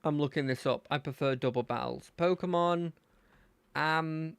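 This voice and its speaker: A gaming streamer giving relaxed, chatty commentary while playing, thinking aloud. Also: medium pitch, moderate pace, creaky, smooth, no room sound. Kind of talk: casual let's-play commentary.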